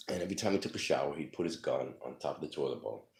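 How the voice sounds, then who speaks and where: A man's voice: very deep voice, lively intonation, quick pace, creaky, a little mellow. A man telling his life story casually, profane and rambling, full of fillers, acting out the people in his stories.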